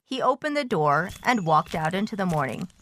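A woman reading a children's story aloud in a gentle, measured way. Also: fairly low pitch, sing-song, slight background noise.

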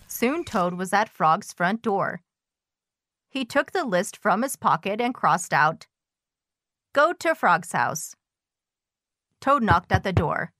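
A woman reading a children's story aloud in a gentle, measured way. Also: medium pitch, animated, dry recording, studio quality.

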